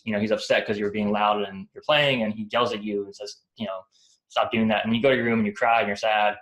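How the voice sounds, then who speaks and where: A man with a fairly low voice explains psychology in a loose, conversational way. He strings thoughts together with fillers and keeps asking the listener "right?". The sound is echoey, as if recorded in a bare room. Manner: rambling, many fillers like "right?" and "like". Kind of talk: casual explanatory talk.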